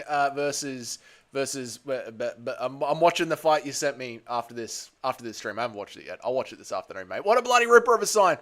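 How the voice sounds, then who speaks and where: A young Australian man hosting a casual livestream, a little hungover, bantering loudly with chat and calling everyone mate and brother. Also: a little high. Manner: loud, blokey banter with frequent "mate" and "brother". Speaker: livestream host.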